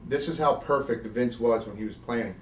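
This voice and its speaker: A middle-aged former wrestler from South Jersey, speaking fairly quickly in a mid-range voice, tells interview stories with animated, acted-out quotes and free swearing. He's far from the mic, giving a roomy sound with slight background noise.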